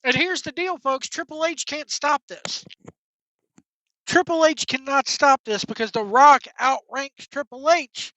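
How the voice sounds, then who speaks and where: A woman's voice: high voice, measured pace, a bit bright, dry recording. A woman hosting a wrestling talk show, delivering a blunt, profane, exasperated solo rant. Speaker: wrestling commentary host. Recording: dull, dry lo-fi sound.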